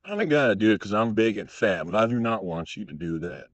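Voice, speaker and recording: A big, slow-talking Southern country boy of a driving instructor, put on by a man, drawling out a stern warning in a lowered voice. The sound is dry and a little dull, like a cheap mic. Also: expressive, dry recording.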